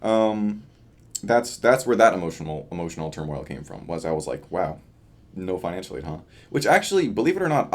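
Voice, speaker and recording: A tired young man chatting loosely in a casual video diary, with lots of fillers. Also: low-pitched. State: tired from lack of sleep. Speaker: vlogger. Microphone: camera facing him.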